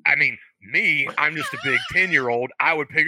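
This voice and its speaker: A man's voice: on the high side, moderate pace, hardly any pauses, sharp tone. A man co-hosting a podcast in casual chat, enthusiastic and laughing often. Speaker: podcast co-host.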